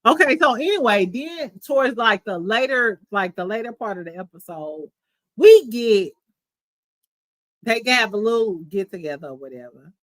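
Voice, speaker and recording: A woman's voice: fairly high pitch, lively intonation, normal speed, fairly bright tone, no echo, low-quality recording. A woman hosting a podcast, recapping reality TV in casual, profane, gossipy chat. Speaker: podcast host.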